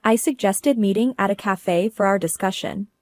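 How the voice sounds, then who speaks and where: A woman's voice: medium pitch, normal speed, a little mellow, no echo. Female narrator, cool businesslike delivery, dry close recording. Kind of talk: first-person story narration.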